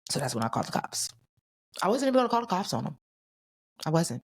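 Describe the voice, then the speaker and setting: A woman's voice: low-pitched, sing-song, husky. Woman, podcast guest, casual storytelling, blunt, swears a lot. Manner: blunt, swears freely, tells events rapidly.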